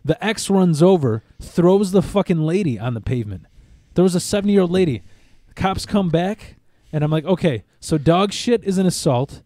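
A man's voice: sits high, moderate pace, hardly any pauses, no room sound. A man in casual chat, telling a long story with lots of swearing and acting out what others said. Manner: animated, profane, acts out quotes. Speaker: podcast co-host.

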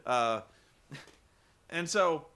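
A man vlogging a casual, profane rant about a film, rambling and animated with lots of swearing. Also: a little high, drawn-out words.

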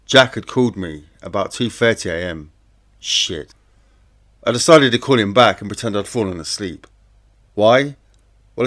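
A man tells a true-crime story in the first person. His voice sits a little low, and he keeps the telling plain and conversational. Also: fairly bright tone. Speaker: audiobook narrator.

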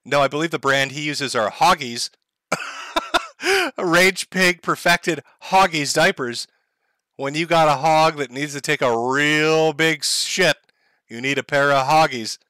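Man on a livestream, mocking and profane, lively swinging pitch, bright voice, dry close sound. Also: slow pace, dry recording. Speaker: streamer host. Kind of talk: livestream commentary.

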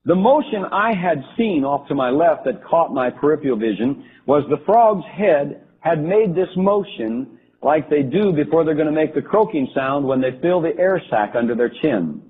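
A man telling a first-person account of a vision, halting and restarting as he goes. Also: on the high side, animated, slight background noise. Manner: halting, with frequent restarts and fillers. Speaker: storyteller recounting a religious vision. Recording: tinny phone-like lo-fi recording.

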